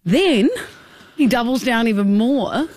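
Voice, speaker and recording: A young woman co-hosting a podcast, telling lively stories in casual chat and acting out kids' voices. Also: fairly high pitch, a little slow, no room sound. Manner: animated storyteller, acts out kids' voices. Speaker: podcast co-host.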